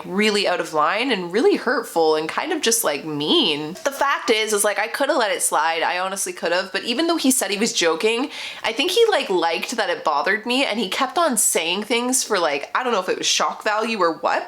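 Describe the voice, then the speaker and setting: A woman's voice: medium pitch, moderate pace. Chatty woman telling a dating story. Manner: chatty, animated, lots of fillers and self-corrections. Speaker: vlogger. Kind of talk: casual storytelling.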